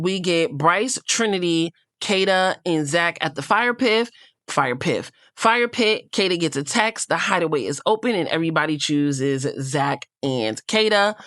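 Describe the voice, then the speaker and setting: A woman's voice: on the low side, a bit bright, dry recording, clean studio sound. A woman hosting a casual reality TV recap, chatty and gossipy, with frank asides.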